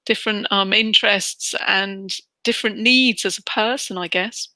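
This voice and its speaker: Middle-aged British woman, interview guest, chatty and bright, dry close sound. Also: mid-range voice, normal speed, no room sound. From United Kingdom. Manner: chatty, animated, acts out quoted voices. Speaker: interview guest, relocation trainer. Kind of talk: casual interview chat.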